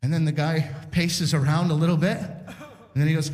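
A man doing stand-up storytelling on a community center stage, animated and acting out scenes. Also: a little high, a little fast. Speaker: stand-up comedian. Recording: echoey hall reverb.

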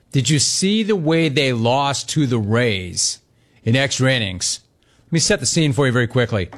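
A man hosting sports talk radio, reading sponsor copy and riffing with animated, mocking commentary on a baseball blunder. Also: mid-range voice.

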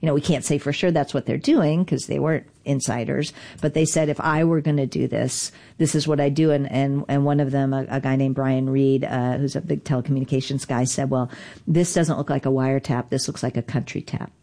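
A woman guest in an interview, telling a story in lively, animated fashion, acting out quoted voices and laughing often. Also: very deep voice, brisk. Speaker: guest, digital rights lawyer.

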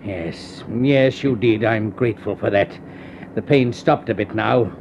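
An actor playing a nervous criminal in pain, with a husky, gravelly voice and hesitant, stammering speech, in vintage radio drama style. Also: male voice, fairly low pitch, measured pace, a little mellow, slight background noise. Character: nervous male criminal in pain, needs morphine. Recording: dull lo-fi old radio recording.

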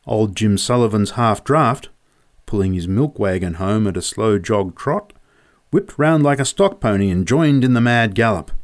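A man reading a humorous memoir story aloud in a vivid, measured way. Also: fairly low pitch.

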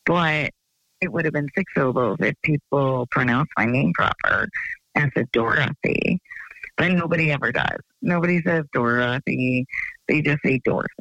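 A woman's voice: low voice, gravelly, fairly bright tone, no room sound. Chatty woman caller on a lo-fi phone line. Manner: chatty, rambling, giggly. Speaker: radio call-in caller. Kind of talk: casual phone chat. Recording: lo-fi phone call.

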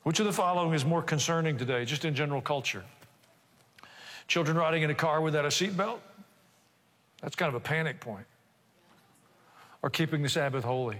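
A man's voice: on the high side, brisk, pauses often, fairly bright tone. An older man preaching a sermon, talking conversationally with asides and rhetorical questions. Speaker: pastor. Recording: reverberant church hall.

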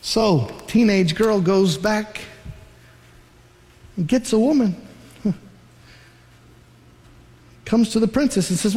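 A man pastor preaching a sermon, telling a Bible story with animated emphasis. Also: high voice, slow, pauses often, long reverb tail.

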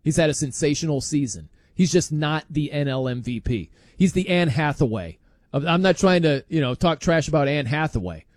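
A man hosts a sports talk show, his voice a little high and darkish, with lively intonation at a moderate pace and no echo. Throughout an animated monologue he presses his points hard, erupts in disbelief, laughs a lot, and mimics others.

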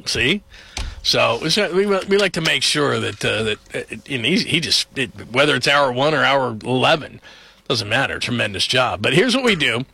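A man's voice: mid-range voice, animated, normal speed, gravelly, bright, forceful tone, husky. A man hosting a late-night sports talk radio show, chatting and joking in a loose, rambling way from the studio.

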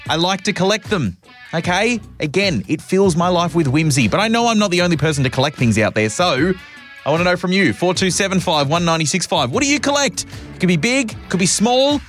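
Chatty radio host, lively up-and-down delivery, slightly high voice. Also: male voice. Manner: chatty, self-mocking, playfully indignant. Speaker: radio drive-time host. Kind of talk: casual radio chat.

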